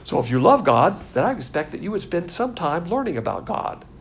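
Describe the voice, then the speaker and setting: A man's voice: on the high side, brisk, a little hiss or hum. An older man teaching a Bible class as a pastor, blunt and scornful in manner. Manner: blunt, scornful, animated lecturing.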